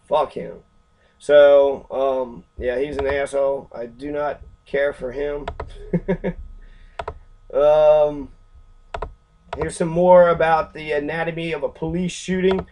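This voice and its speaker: A man's voice: a little high, fairly even intonation, slow, darkish tone, rough recording. A man from Kentucky giving angry, profane casual commentary on civics, ranting with many fillers. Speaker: civics vlogger.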